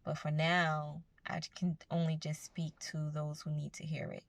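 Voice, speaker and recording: A woman's voice: low-pitched, little pitch movement, normal speed, gravelly, dry recording. A woman giving a casual, earnest motivational talk to her viewers, speaking conversationally about spiritual growth. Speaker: self-help vlogger.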